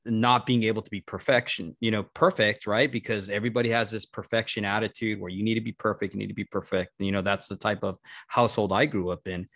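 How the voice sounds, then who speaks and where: A man hosting a podcast, talking in a relaxed, filler-heavy way. His voice sits a little low, and the recording is close and dry. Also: no echo. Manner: relaxed, many fillers, laughs easily. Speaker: podcast host. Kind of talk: casual interview chat.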